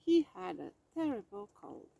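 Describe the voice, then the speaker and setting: A woman reading a children's storybook aloud with gentle, expressive narration. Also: medium pitch, normal speed, creaky, low-quality recording.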